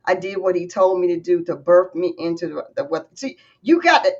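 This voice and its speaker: A woman's voice: on the low side, expressive, brisk, darkish tone. A woman hosting an interview, talking in a preacher-like way and quoting scripture. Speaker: interview host. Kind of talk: interview, faith talk. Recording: dull, slightly muffled audio.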